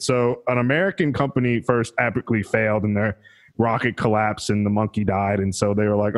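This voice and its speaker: A man's voice: lowish voice, fairly even intonation, fairly quick. A man co-hosting a podcast who rambles through history with plenty of swearing. He keeps breaking into laughter at his own jokes. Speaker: podcast co-host. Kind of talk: casual comedic history chat.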